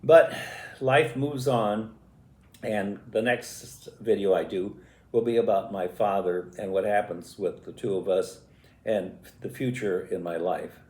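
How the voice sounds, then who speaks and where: A man in his eighties telling stories from his life in a halting, reflective and emotional way. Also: fairly low pitch, darkish tone. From US Midwest. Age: 80s. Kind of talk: personal storytelling. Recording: echoey room.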